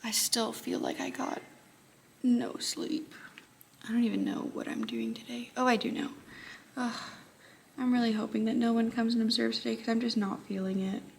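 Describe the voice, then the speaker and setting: A young Texan woman talks casually through her teaching day, tired and chatty, often lowering her voice to a near whisper. Her voice carries a gravelly fry at the ends of phrases. A light background hiss sits under the recording. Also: fairly even intonation, brisk. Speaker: high school math teacher. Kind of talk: casual vlog chat.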